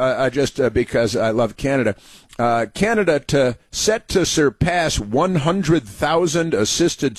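A man's voice: mid-range voice, no echo. A man giving a sarcastic political commentary monologue, reading headlines aloud and mocking them, with many fillers and restarts. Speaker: commentary show host.

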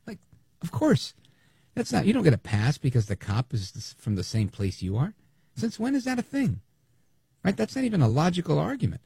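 A man's voice: fairly high pitch, fairly quick, vocal fry, husky, dry recording. A man hosting a talk radio show, delivering an opinionated monologue with sarcasm and mocking quotes. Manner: animated, sarcastic, mimics others in quotes.

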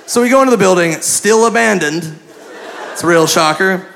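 High gravelly-voiced male stand-up comedian. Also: moderate pace, a bit bright. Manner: brash, crude, laughing through punchlines. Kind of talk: stand-up storytelling. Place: comedy club stage with live audience. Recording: live club recording with crowd laughter and noise.

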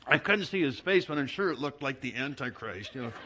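Male pastor, bright voice, conversational preacher who pokes fun at himself. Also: medium pitch, animated, brisk. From Southern California. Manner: conversational storyteller, self-mocking humor. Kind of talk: sermon with humorous personal anecdotes.

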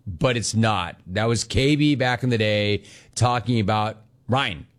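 A man hosting a sports talk radio show, telling stories in quick, animated bursts and acting out quotes. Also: on the low side. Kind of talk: casual talk radio monologue.

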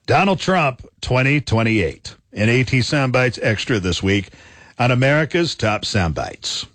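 A man's voice: mid-range voice, lively intonation, a little slow, a bit bright, no echo. A man hosting a scripted radio countdown of soundbites in a punchy announcer style.

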